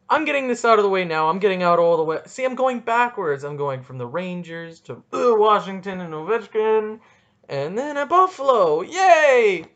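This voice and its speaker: A man's voice: sits high, fairly bright tone, dull audio. A young man hosting a solo podcast, ranting and rambling with goofy, self-mocking asides. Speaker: podcast host.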